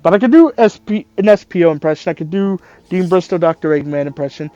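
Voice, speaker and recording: A gaming commentator chatting loosely over gameplay, with a lively voice that rises and falls a lot. The delivery is casual and self-deprecating, and the swearing comes out easily. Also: medium pitch, quick pace, no echo, lo-fi sound. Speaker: let's play commentator.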